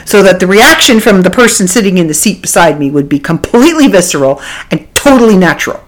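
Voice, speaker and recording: A woman from Canada talks casually into her home studio mic, spinning a story for her podcast. Her voice sits fairly low but rises and falls with wide, expressive swings. She laughs often and slips into the voices of the people she describes. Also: quick pace. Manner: animated, laughs often, acts out quoted voices. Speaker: podcast host.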